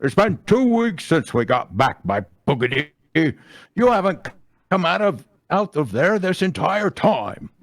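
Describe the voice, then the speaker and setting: A man's voice: a little high, sing-song, measured pace, dry recording, voice pushed up. A man doing a fussy toad with glasses. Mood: coaxing. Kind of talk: live group reading of fan fiction.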